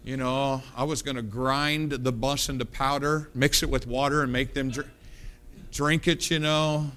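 A male pastor preaching, telling a personal story with lively quoted dialogue and punchy delivery. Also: mid-range voice, unhurried. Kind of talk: sermon storytelling.

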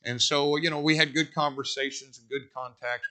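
A man preaching from the pulpit. His tone is very bright and forceful. He talks in a folksy way and climbs to loud, emphatic peaks. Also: fairly high pitch, fairly even intonation, moderate pace. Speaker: pastor. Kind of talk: sermon.

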